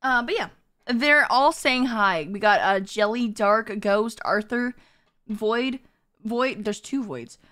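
A woman's voice: fairly high pitch, slow pace, pushed and bright. A woman streamer chatting with her viewers, bubbly as she reads and thanks the chat.

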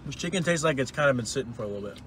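A man's voice: medium pitch, expressive, very fast, fairly bright tone, a little hiss or hum. A young man co-hosting a casual food review while eating inside a parked car, blunt and teasing. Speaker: podcast co-host doing a food review.

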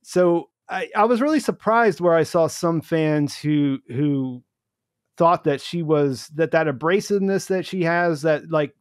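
A man's voice: a little high, a little slow, clear, resonant tone, dry recording, studio quality. A man hosting a casual discussion, rambling, with many restarts and fillers. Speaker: host.

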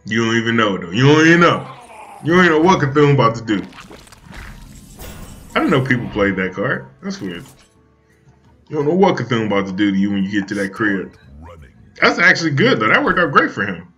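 A young man streaming a card game, riffing in an animated, profane, storytelling banter. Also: mid-range voice, brisk, long pauses, soft background music. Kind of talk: comedic riffing while playing a card game.

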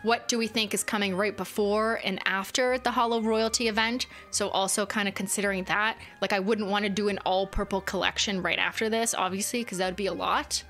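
A woman's voice: medium pitch, steady tone, brisk, few pauses, fairly bright tone, faint music behind. Chatty woman hosting a livestream. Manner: thinks aloud, chatty, many filler likes. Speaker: livestream host. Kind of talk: casual livestream chat with viewers.

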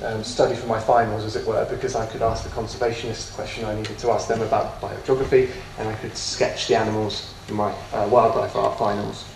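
A man gives a talk in a lecture room, heard from some way off the mic with an echoey room around him. His delivery is halting and self-deprecating, full of ums and false starts. A faint hiss sits under the voice. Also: fairly low pitch, flat delivery, creaky, distant mic. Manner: hesitant, many ums and restarts, self-deprecating. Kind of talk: autobiographical lecture.

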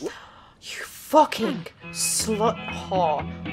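A young woman giving loud, profane, self-mocking commentary while playing a game. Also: on the high side, big pitch swings, unhurried, faint music behind. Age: young adult. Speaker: gaming video host. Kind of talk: profane let's-play commentary.

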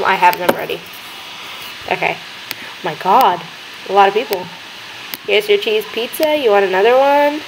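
A young woman hosting a gaming video, chattering excitedly as she plays and talking to the characters on screen. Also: on the high side, normal speed, pauses often, a little hiss or hum, low-quality recording. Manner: excitable, gasping, talks to game characters. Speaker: gaming channel host. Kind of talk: let's-play commentary.

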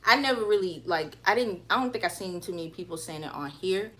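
A woman's voice: on the low side, fast, sharp tone. A young woman with a Southern accent from the Carolinas, chatting casually at home on a livestream and reading out viewer comments. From North Carolina or South Carolina, US. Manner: chatty, loose, trails off with fillers. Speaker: hair vlogger reading live comments. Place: at home, indoors.

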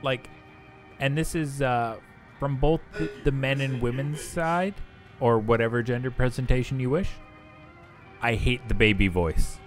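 A young gaming streamer chats casually and bluntly while playing, swearing freely. His mid-range voice is unhurried, with faint music in the background.

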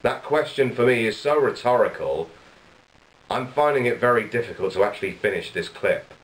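A man's voice: medium pitch, animated, normal speed, a bit bright. A man vlogging in a dry, sardonic comic monologue. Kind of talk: comedic monologue vlog. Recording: echoey room with faint ambience.

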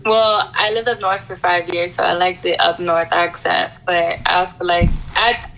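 A woman's voice: on the low side, little pitch movement, moderate pace, fairly bright tone. A woman chatting on a video call, hesitant and unsure in her answers. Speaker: stranger on a video chat app. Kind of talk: casual chat. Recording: gravelly voice over dull, lo-fi video call with faint hiss.

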